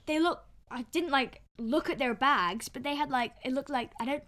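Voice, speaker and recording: Excitable young UK woman, co-host, bright and sharp tone. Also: high-pitched, moderate pace. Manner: excitable, yells lines in retelling. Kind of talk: casual storytelling chat.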